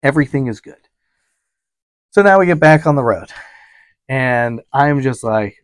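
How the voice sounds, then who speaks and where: A man's voice: medium pitch, lively intonation, unhurried, dry recording. A man who works as a travel advisor, animatedly retelling a trip story with quoted dialogue and frequent fillers. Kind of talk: storytelling vlog.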